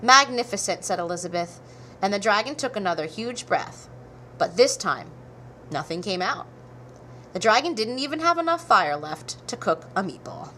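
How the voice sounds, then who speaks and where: A woman reading a children's storybook aloud, with expressive, animated narration. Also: mid-range voice, moderate pace, a little hiss or hum. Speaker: storybook reader.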